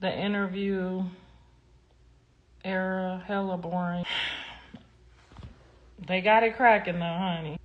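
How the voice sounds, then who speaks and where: A woman's voice: on the low side, flat delivery, slow pace, long pauses. A middle-aged woman from the United States, a guest in a candid interview, talking bluntly and animatedly, with mocking impressions.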